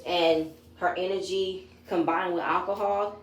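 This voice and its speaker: A woman with a lowish voice runs through a reality TV episode in a casual, opinionated way. She retells the scenes in her own words. The room around her is echoey, with a faint noise underneath. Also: fairly even intonation, measured pace. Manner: chatty, opinionated retelling with quoted lines. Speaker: reality TV recap vlogger.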